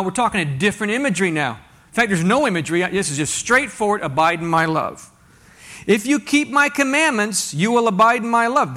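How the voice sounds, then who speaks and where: A man's voice: high-pitched, sharp tone. A man preaching a sermon to a congregation, reading scripture aloud and asking rhetorical questions in a conversational way. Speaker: pastor.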